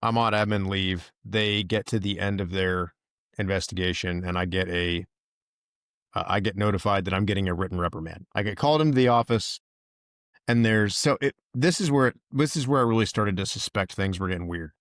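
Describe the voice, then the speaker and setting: A man with a low voice tells his story casually and animatedly, and his voice rises when he acts out what others said. The recording is dry and close, with no room echo. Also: fairly quick. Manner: animated retelling, quotes others in raised voice. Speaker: podcast host, veteran.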